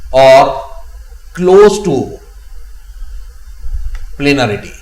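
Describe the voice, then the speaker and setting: A man's voice: mid-range voice, lively intonation, extremely slow, darkish tone, echoey room, poor audio. A man with an Indian English accent teaching chemistry in a classroom-style lecture, repeating key phrases as he explains.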